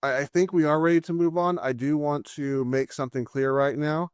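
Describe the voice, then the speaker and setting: A man's voice: fairly high pitch, fairly even intonation, a little fast, smooth, dry recording. A man at home co-hosting a casual movie-review show, easygoing and repeating words as he thinks aloud. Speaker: podcast co-host.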